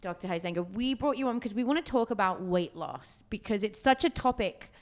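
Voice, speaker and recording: A woman's voice: medium pitch, expressive, a little fast. Blunt teasing woman co-host. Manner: blunt, teasing, swears freely. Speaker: podcast co-host. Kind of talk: casual chat.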